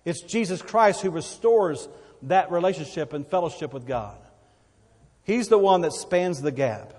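A man's voice: fairly high pitch, expressive, a little slow, darkish tone, husky. Man preaching in a reverberant hall. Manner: preaching, emphatic with repeated words. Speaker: pastor. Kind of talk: sermon. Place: church.

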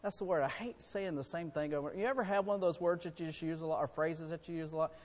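A man preaching a sermon in a folksy, emphatic way, swinging between loud and quiet. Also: a little high, fast talker, in a large hall.

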